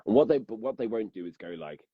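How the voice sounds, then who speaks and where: A deep-voiced man, a guest audiobook narrator, chats in a loose, self-deprecating way with lots of fillers. His call audio is dry and dull, with no room around it. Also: expressive, quick pace, breathy edge, no room sound. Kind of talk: casual interview chat.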